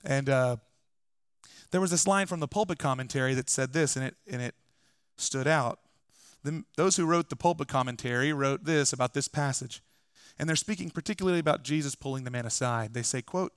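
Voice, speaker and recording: A man's voice: medium pitch, a little fast, clean tone, dry recording, studio quality. Conversational male pastor preaching a sermon. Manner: conversational preaching with joking asides. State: recovering from illness. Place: church.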